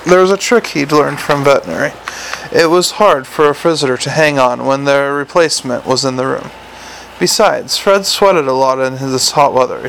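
A man narrating an audiobook with dry, measured storytelling. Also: medium pitch, creaky, a bit bright, slight background noise, rough recording. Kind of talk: scripted narration.

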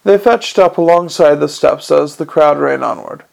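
A man reads a novel aloud as narrator in an unpolished way, stumbling and restarting now and then. His voice is slightly high with a gravelly texture. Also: moderate pace, a little mellow.

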